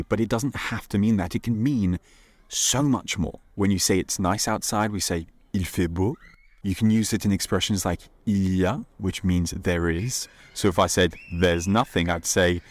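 A man hosting a podcast lesson, relaxed and playful, modeling phrases slowly for listeners to repeat. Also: low voice, no room sound. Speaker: podcast host and French teacher.

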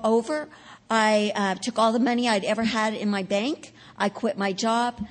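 A woman giving a sermon testimony, telling her story with drama and growing loud at the key points. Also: mid-range voice, long reverb tail. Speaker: preacher.

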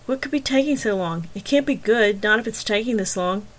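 A woman's voice: mid-range voice, a little fast, lightly acted. A woman reading a novel aloud, voicing an impatient, guilt-ridden young man in urgent, pleading lines. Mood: desperate.

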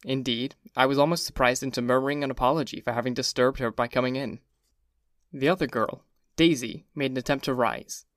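A man's voice: mid-range voice, steady tone, brisk, dry recording. Man narrating a classic novel, dry sound. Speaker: audiobook narrator. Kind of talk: scripted first-person narration.

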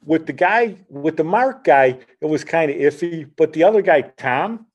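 A man's voice: on the high side, animated, moderate pace, dull audio. Rambling older man telling stories. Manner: rambling, anecdotal, chuckling, retells dialogue with "he goes". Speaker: podcast host. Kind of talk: casual storytelling chat.

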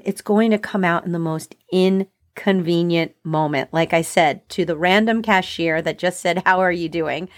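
A woman hosting a podcast on anxiety, talking casually and acting out short everyday exchanges in her own voice. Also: mid-range voice. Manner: chatty, lively, acts out little quoted exchanges. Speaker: podcast host. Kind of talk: casual self-help podcast talk.

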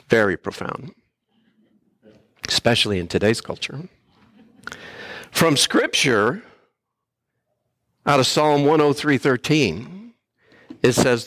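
An older man delivers a sermon from a church pulpit at a slow, deliberate pace. His tone is earnest and heartfelt, a little unpolished, with frequent throat clearing. The sound is dry, with very little room echo. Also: medium pitch, expressive, a bit bright. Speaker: guest speaker, missionary pastor.

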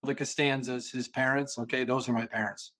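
Animated storytelling man from Boston. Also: medium pitch, a little fast. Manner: animated storyteller who acts out quotes. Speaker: sales consultant and guest. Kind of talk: storytelling in a podcast interview.

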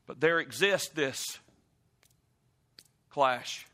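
A man preaching a sermon, emphatic and animated, speaking straight to the congregation. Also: fairly high pitch, drawn-out words. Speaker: pastor.

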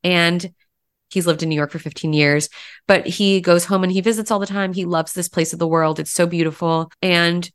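A woman's voice: on the low side, fairly even intonation, moderate pace, smooth. A woman podcast host coaching her guest through a conversation, reassuring, and she laughs often.

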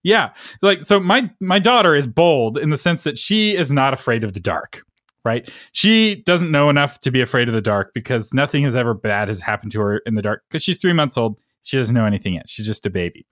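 A man's voice: mid-range voice, lively intonation, a little fast, a bit bright, dry recording, clean studio sound. A man explaining ideas in a casual faith conversation with a preacher-like manner, often checking in with "right?".

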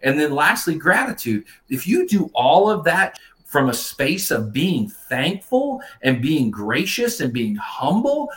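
A man's voice: a little high, very animated, unhurried. Enthusiastic man in his fifties. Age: 50s. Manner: enthusiastic, repeats words. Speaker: co-host. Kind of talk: casual chat.

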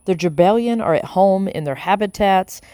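A woman's voice: medium pitch, expressive, moderate pace, dark tone, no echo, close to an everyday voice. A woman voicing a sardonic young woman in an audiobook, dry and teasing.

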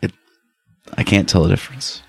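A man playing a bemused crewman in a tabletop science-fiction game, low and close. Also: animated, normal speed, gravelly, husky, no echo, full character voice.

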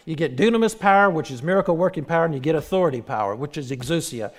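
A man preaching a sermon as pastor, animated, retelling scenes with quoted dialogue and frequent restarts. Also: a little high, very fast.

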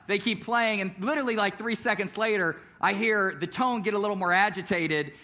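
A man's voice: sits high, fairly quick, pushed and bright. A young adult male pastor praying and preaching at a church service, telling stories casually with frequent fillers and chuckles. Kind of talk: sermon with prayer and personal story.

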